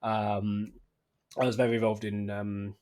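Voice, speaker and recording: A man's voice: lowish voice, little pitch movement, measured pace, a little mellow. A man hosting a casual podcast chat, talking eagerly and often repeating himself. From England. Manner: chatty, eager, repeats words. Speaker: podcast host.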